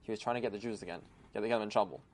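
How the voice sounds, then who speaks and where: A man telling a folk tale aloud in an animated manner, with sudden emphatic bursts. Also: on the low side, very fast. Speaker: storyteller. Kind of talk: oral storytelling.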